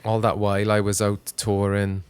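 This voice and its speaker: Easygoing man with a lowish voice. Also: monotone, normal speed, darkish tone, clear, resonant tone, no room sound. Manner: easygoing, asks prompting questions. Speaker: podcast co-host. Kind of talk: casual chat.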